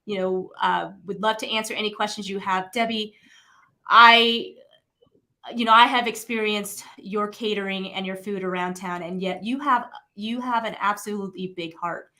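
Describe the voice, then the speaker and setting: A woman's voice: mid-range voice, steady tone, moderate pace, bright, forceful tone. A woman hosting an interview, effusive and full of praise for her guest. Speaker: host.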